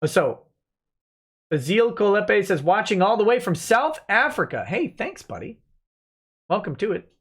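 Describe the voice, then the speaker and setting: A man hosting a relaxed livestream, reading viewer messages aloud and answering them offhandedly. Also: sits high, a little slow, long pauses, breathy edge. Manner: reads donor messages aloud, chatty and offhand. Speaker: livestream host reading chat. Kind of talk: relaxed live-stream chat.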